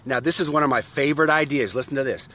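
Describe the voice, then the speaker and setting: Talking fast in a mid-range, slightly bright voice, a man hosts a live stream for his online community. He chats with followers in a playful, exuberant, rambling way, restarting often, greeting viewers by name and breaking into silly songs.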